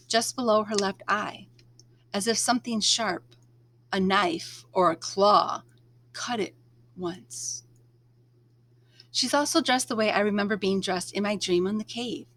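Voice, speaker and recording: A woman reading a novel aloud, narrating in the first person at a measured, expressive pace. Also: mid-range voice. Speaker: read-aloud storyteller.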